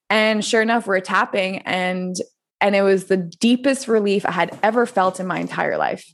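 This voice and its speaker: A woman's voice: mid-range voice, brisk. Woman in her thirties from France, a candid podcast guest with a mid-range voice who chats loosely and swears. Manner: candid and chatty, heavy use of "like", swears freely. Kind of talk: casual interview storytelling.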